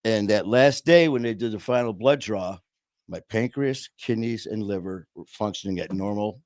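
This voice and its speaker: This male podcast host has a lowish, darkish voice and a moderate pace, captured at studio quality with no echo. Earnest and emotional, he shares a personal story conversationally, frequently addressing listeners as "man" and "brother."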